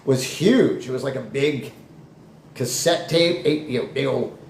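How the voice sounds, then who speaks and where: Rambling comic storyteller, echoey room. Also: male voice, medium pitch, a little slow. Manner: rambling, animated, with jokey asides. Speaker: comedy storyteller. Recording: echoey room, faint noise.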